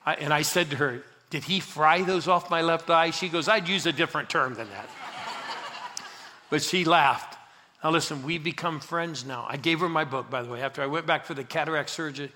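An older man preaches in church, telling his own story with lively acted dialogue and calls to the crowd. His voice is bright and a little high, with a gravelly edge. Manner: animated, acts out the dialogue, urges the crowd. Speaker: pastor. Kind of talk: sermon storytelling.

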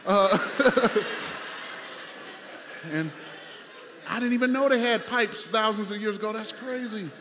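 Male pastor, higher register, chatty preaching style, church hall reverb. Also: measured pace, pauses often, pushed and bright, slight background noise. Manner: conversational preaching with repeated phrases and fillers. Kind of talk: sermon.

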